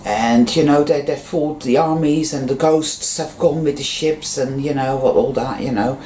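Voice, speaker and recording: A vlogger talking in a casual, rambling monologue, full of fillers and restarts, and telling stories with sudden jumps in pitch. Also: normal speed, mellow, slight background noise. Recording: roomy echo.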